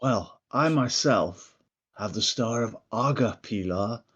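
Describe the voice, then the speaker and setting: A man's voice: medium pitch, animated, takes it slowly, fairly bright tone, muffled recording. A man playing a tabletop game, chatting and joking with the table. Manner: playful, joking banter. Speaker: player. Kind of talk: casual tabletop game chat.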